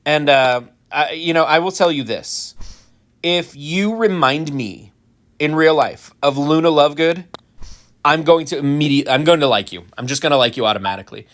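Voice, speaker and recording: A man giving casual, rambling commentary while playing a game, full of ums and restarts, with animated mock-indignant asides. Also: fairly high pitch, moderate pace. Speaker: gaming channel host.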